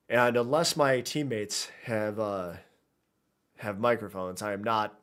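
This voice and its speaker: A man's voice: fairly low pitch, fairly bright tone. Chatty man rambling over live gameplay. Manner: rambling, chatty, talks to chat while playing. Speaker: gaming streamer. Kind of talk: casual live gameplay commentary.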